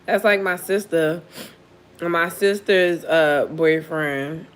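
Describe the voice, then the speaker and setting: A woman's voice: lowish voice, fairly even intonation, slow pace, a bit bright, smooth. A woman who reads tarot, telling a story in casual chat with blunt, profane talk and frequent laughter. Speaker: tarot reader.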